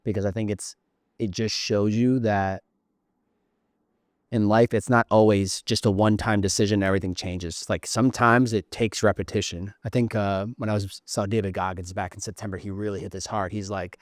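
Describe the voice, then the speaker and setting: A man with a low voice hosts a podcast interview. He speaks earnestly and in a measured way, affirming what his guest has shared. The recording is close and dry. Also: fairly even intonation, no echo. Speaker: podcast host, coach. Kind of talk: reflective interview talk.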